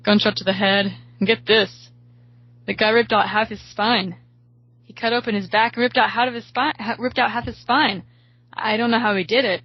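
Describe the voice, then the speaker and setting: A woman voicing an adult medic who reports injuries in a flat, matter-of-fact way, recorded slightly dull. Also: on the high side, normal speed, husky, no room sound.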